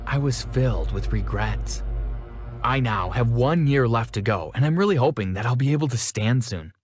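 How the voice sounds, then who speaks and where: A man narrating an animated first-person story in a regretful, earnest way. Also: medium pitch, moderate pace. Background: music.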